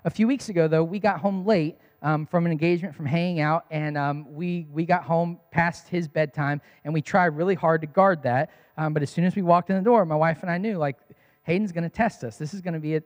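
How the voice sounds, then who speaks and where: A man's voice: sits high, big-room sound. A man preaching a sermon in a conversational storytelling way, laughing at his own story.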